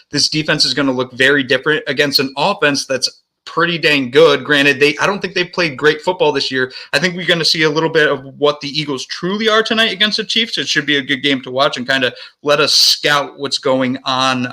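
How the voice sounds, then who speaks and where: A man's voice: mid-range voice, sharp tone. A man co-hosting a sports podcast, giving casual game analysis in a chatty way. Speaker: podcast co-host.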